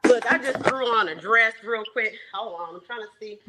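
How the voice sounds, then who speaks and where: A woman's voice: on the high side, moderate pace, heavy background noise. A woman in her forties from Houston with a Texan country accent, chatting casually as a caller on a show. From Houston, Texas. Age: 40s. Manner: chatty, talks while busy. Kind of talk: casual call-in chat.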